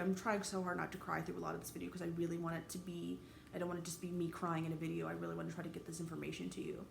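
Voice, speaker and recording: Woman, 30s, vlogger, gravelly, raw, halting, roomy room echo with faint background noise. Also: fairly low pitch, flat delivery. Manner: halting, candid, swears freely, emotionally raw. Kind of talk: personal vlog monologue.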